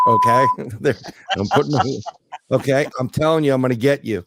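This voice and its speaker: A middle-aged man co-hosting a podcast, telling a profane story in a loose, animated way. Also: mid-range voice, normal speed, slight background noise. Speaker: podcast co-host. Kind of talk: casual podcast chat.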